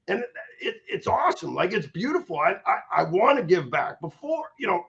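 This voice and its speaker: A middle-aged man speaks with energy and candor about surviving a stroke, his fairly high voice roughened by a gravelly fry. He often stumbles and repeats words as he gets going. The recording sounds dull and lo-fi. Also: moderate pace. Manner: energetic, repeats words when starting sentences. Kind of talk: candid interview talk. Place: in Los Angeles area. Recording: muffled lo-fi audio.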